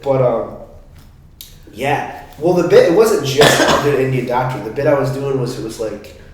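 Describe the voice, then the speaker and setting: A man's voice: medium pitch, normal speed. A young man chatting casually on a podcast, rambling through stories and slipping into put-on voices for the people in them. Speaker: podcast co-host. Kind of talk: casual chat. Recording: echoey room, mic at a distance, faint hiss.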